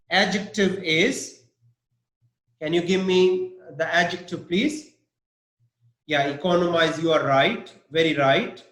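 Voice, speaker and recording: A man's voice: fairly high pitch, fairly bright tone, reverberant, poor audio. A man teaching an English vocabulary lesson, spelling out words letter by letter and stressing syllables.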